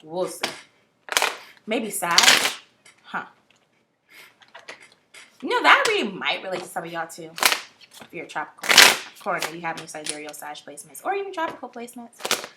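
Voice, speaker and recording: A tarot reader with a fairly low voice talks at a moderate pace and pauses often, the recording very noisy. Her delivery is casual, blunt, animated, and talkative, often exasperated, with occasional swearing.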